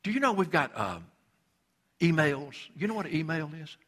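A man's voice: on the high side, very animated, moderate pace, fairly bright tone. A male pastor preaching a sermon, emphatic and repetitive, acting out quoted voices.

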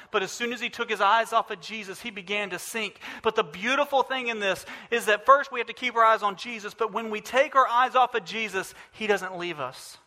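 A man's voice: high-pitched, bright, forceful tone. A man preaching a sermon as pastor, earnest and repeating key phrases for emphasis. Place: church sanctuary. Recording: long hall reverb.

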